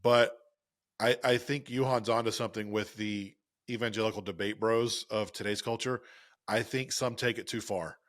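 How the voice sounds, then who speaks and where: A man talks through listener questions in a loose, joking way. His voice sits low, and the recording is dry and close with little room sound. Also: fairly even intonation, normal speed, fairly bright tone, dry recording. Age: 30s. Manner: easygoing, joking, explanatory. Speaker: podcast co-host. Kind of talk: casual podcast chat.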